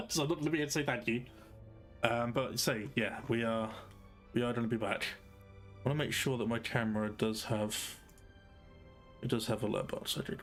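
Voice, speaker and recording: A man's voice: mid-range voice, a bit bright. A man hosting a live game stream, chatting casually in a rambling, jokey way that keeps correcting itself. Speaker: streamer host.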